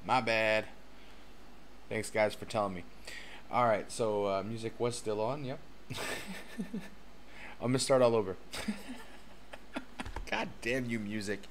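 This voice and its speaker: A man hosting a casual livestream as a cryptocurrency educator, excitable and chatty, laughing often and swearing casually. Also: fairly low pitch, slow pace, long pauses, noisy background. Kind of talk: casual live-stream chat. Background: faint background music.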